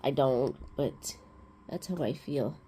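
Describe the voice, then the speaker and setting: A woman's voice: very deep voice, takes it slowly, warm tone, slight background noise. A woman hosting a crafting vlog, chatting casually and rambling through everyday stories. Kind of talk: casual chat.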